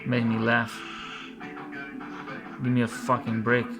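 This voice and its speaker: Slow, mocking man over music. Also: mid-range voice, completely flat delivery. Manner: mocking, scolding, repeats himself. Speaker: video commentator. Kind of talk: scornful commentary over a video.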